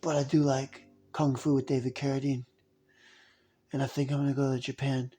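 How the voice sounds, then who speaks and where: A man voicing a chubby, timid sixth-grade boy in a quiet, flat mumble. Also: medium pitch, fairly quick, slightly rough, faint music behind, pitched below the performer's own voice, natural voice. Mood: mopey.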